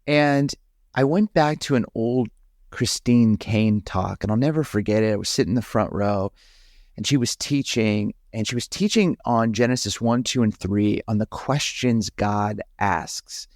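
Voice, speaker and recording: A middle-aged man, a pastor talking as a guest on an interview podcast, speaking earnestly and haltingly with frequent restarts. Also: on the low side, darkish tone, no echo, clean studio sound. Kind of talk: reflective conversational interview.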